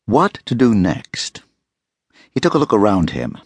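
A man narrating an audiobook thriller in a dramatic, expressive storytelling style on a close studio mic. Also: on the low side, unhurried, breathy edge, dry recording.

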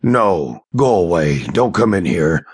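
A man's voice: deep voice, big pitch swings, slow pace, a little mellow, slightly rough, voice pushed down, full character voice. A man voicing a grumpy male unicorn who growls to keep a visitor away. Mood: growling. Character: grumpy male unicorn, protective of his humans.

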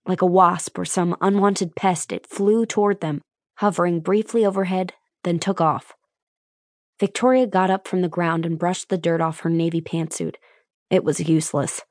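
Low-voiced woman narrating an audiobook. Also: steady tone, normal speed, darkish tone, no echo, studio quality. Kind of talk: scripted narration.

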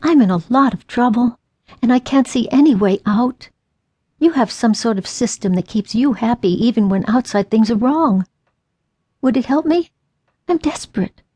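A woman's voice: a little high, lively intonation, normal speed, warm tone, husky, no room sound, voice pushed up. A woman narrator voicing a desperate, troubled young woman who pleads for help.

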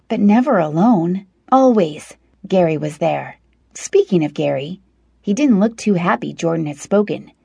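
A woman's voice: on the low side, creaky, warm tone, breathy edge, no echo. A woman reading a first-person novel aloud as an audiobook narrator, in a wry, conversational storytelling manner.

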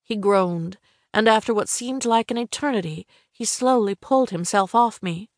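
Reading a first-person novel aloud, this female audiobook narrator keeps a measured, even storytelling tone. The mid-range voice comes through at studio quality, free of echo.

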